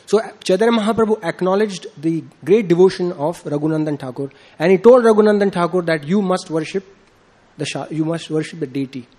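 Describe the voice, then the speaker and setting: This man talks fairly quickly in a darkish tone while delivering an informal devotional sermon. He tells a story, acting out quoted dialogue with a rising pitch and using lots of fillers.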